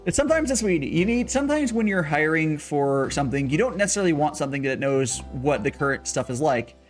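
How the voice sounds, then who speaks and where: A man hosting a stream, chatting in a relaxed, rambling way and making jokes. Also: on the high side, fast talker, faint music behind. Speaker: stream host. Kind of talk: casual chat.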